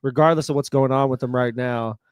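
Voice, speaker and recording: A man's voice: medium pitch, fairly even intonation, a little fast, smooth, dry recording, clean studio sound. A man co-hosting a podcast, chatting casually, laughing along and sharing bits of trivia. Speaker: podcast co-host. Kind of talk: casual chat.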